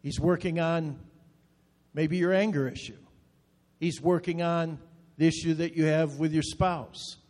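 Brief: male pastor, high voice, earnest sermon delivery with repeated short appeals, long reverb on the voice. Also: steady tone, a little slow, pauses often, a little mellow.

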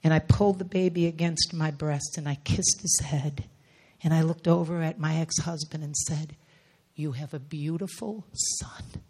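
A woman's voice: low voice, steady tone, moderate pace, dark tone. A middle-aged woman preacher giving an emotional sermon testimony, intense and often sinking to near whispers.

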